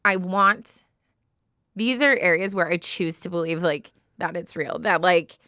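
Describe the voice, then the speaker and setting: A woman's voice: on the low side, measured pace, pushed and bright, clear, resonant tone, no room sound, studio quality. A young woman co-hosting a podcast, chatting casually and laughing often, with lots of fillers. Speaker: podcast co-host. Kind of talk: casual chat.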